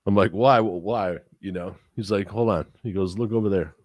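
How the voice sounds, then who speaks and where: Low-voiced profane storytelling man. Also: normal speed, dry recording. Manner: profane, animated storyteller acting out quotes. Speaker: podcast co-host. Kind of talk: casual storytelling chat.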